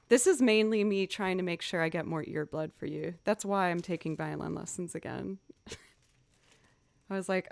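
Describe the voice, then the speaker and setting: Young woman chatting on her music stream, smooth clear voice, dry close sound, upbeat and chatty. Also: fairly low pitch, normal speed, dry recording. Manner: chatty, upbeat, self-encouraging. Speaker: livestreaming musician. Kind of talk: casual livestream chat.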